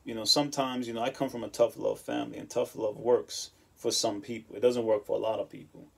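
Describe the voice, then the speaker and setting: Man, casual vlog host, raspy mid-pitched voice, relaxed talky delivery. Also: fairly quick. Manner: laid-back storytelling, laughs often, says "man" and "you know". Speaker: channel host. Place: home in Japan.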